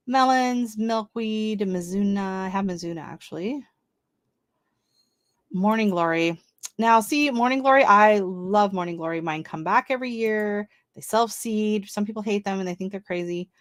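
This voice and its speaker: A woman's voice: medium pitch, moderate pace, no echo, clean studio sound. A woman hosting a casual gardening livestream, chatting with viewers while reading seed listings aloud and reacting to them. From not from Canada. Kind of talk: casual live-stream chat.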